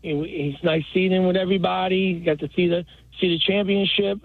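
A man from New York calling into a radio show after a night without sleep, talking in short excited bursts. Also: high-pitched, a little fast, no echo. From Queens, New York. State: has not slept. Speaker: caller. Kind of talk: radio call-in. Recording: tinny phone line.

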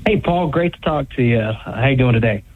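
A man's voice: medium pitch, animated, normal speed, slight background noise. A man calling in to a sports radio show, polite and hesitant with "um"s. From Northeast Tennessee. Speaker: caller. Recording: phone line.

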